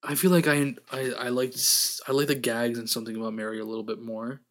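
A young man chatting about movies, hesitant, restarting his sentences and laughing often. His voice sits at an ordinary middle pitch. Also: little pitch movement, fast talker. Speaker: movie review podcast co-host. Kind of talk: casual chat.

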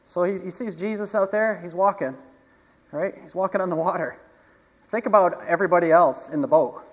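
A man's voice: high-pitched, brisk. A man preaching a casual sermon, talking conversationally, asking the congregation questions and chuckling often. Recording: long hall reverb.

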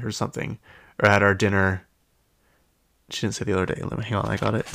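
A man's voice: lowish voice, little pitch movement, normal speed, gravelly, pauses often, a bit bright, no room sound. A young man hosting a casual, gossipy podcast chat, talking loosely with lots of fillers. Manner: chatty, gossipy, many fillers. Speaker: podcast host. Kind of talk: casual chat recapping reality TV.

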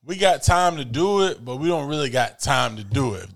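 A man's voice: medium pitch, moderate pace, gravelly. A man co-hosting a casual chat, telling stories with slang and frequent laughter. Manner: animated, laughing, slangy storytelling. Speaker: podcast co-host. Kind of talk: casual chat about sneakers.

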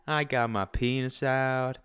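A man doing an impression of a crude, laid-back man on a cruise ship, in a slow, lazy drawl. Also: mid-range voice, fairly even intonation, fairly bright tone, clear, resonant tone, no echo, clean studio sound, lightly acted. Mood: careless.

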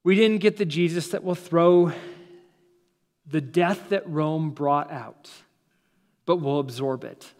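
A man, a pastor, preaching a sermon with dramatic pauses, slowing down and dropping soft for emphasis, in a church sanctuary. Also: fairly high pitch, in a large hall. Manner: dramatic preaching, slows and drops to near-silence for emphasis.

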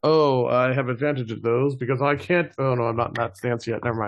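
A man's voice: mid-range voice, fairly even intonation, brisk, no room sound, lo-fi sound. A man playing a tabletop game, chatting through his moves and laughing at his own lines. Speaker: player. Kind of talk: casual tabletop play.

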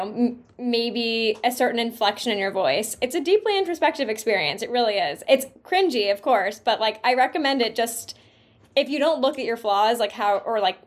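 A woman guest on a podcast, talking fast and animatedly about her own voice. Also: fairly high pitch. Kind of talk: casual chat.

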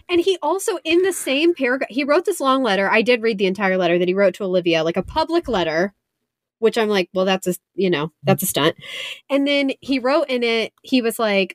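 A woman's voice: fairly high pitch, animated, a little fast, dry recording, studio quality. A woman co-hosting a podcast in casual chat, chatty and gushing as she gives her opinions. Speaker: podcast co-host.

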